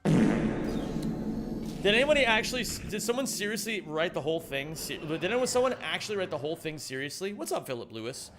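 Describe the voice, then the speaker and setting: A man's voice: sits high, sing-song, brisk, noisy background. A man live-streaming a game, chatting with his viewers, reading their messages aloud and snapping back in mock indignation. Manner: banters with chat, reads messages aloud, mock-indignant outbursts. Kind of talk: live-stream chat while gaming. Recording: music playing behind the voice.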